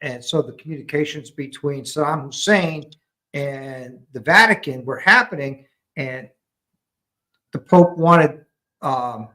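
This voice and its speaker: A man with an American accent, a veteran guest telling a long story in a calm, explanatory way with frequent ums. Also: fairly high pitch, poor audio. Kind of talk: casual storytelling conversation.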